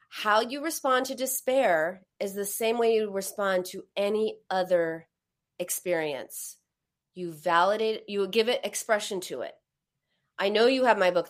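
A middle-aged woman hosting a live advice conversation, talking in a reassuring way and acting out comforting words. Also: mid-range voice. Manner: warm, reassuring, acts out comforting quotes. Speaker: host and therapist.

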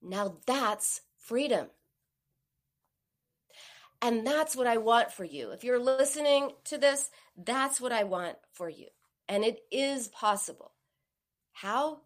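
A woman gives a coaching talk in a fairly high, very lively voice. She takes her time over each phrase. She acts out the voices she quotes. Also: takes it slowly, pauses often. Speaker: therapist or coach giving a talk. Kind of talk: motivational talk on binge eating.

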